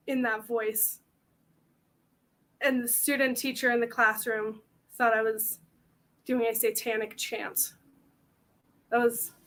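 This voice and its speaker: A young woman hosting a convention panel, chatting casually to the audience in a rambling, self-mocking way. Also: a little high.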